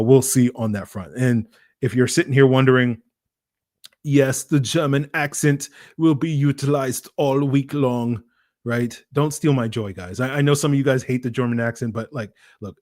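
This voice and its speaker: A man's voice: mid-range voice, quick pace, darkish tone, no room sound, clean studio sound. A man hosting a sports podcast, breaking down a game in a chatty, rambling, self-mocking way. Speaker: podcast host. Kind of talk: casual sports analysis.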